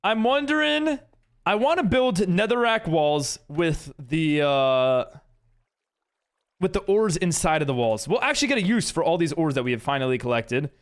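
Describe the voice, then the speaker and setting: A man's voice: a little high, expressive, moderate pace. A man streaming a game live, chatting casually with viewers and reading chat aloud in a rambling way full of fillers.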